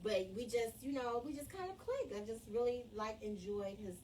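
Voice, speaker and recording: Animated woman telling a love story. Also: fairly high pitch, normal speed. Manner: laughing, emotional, animated storytelling. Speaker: guest talking about her husband. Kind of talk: casual chat on a live stream. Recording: distant mic with faint background noise.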